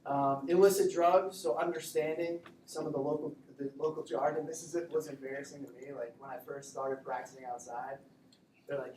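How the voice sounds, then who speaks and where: A man teaching a classroom lecture in a joking, conversational way, acting out quick exchanges with patients. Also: medium pitch, fairly even intonation, distant mic, slight background noise. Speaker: instructor. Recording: echoey classroom recorded from afar.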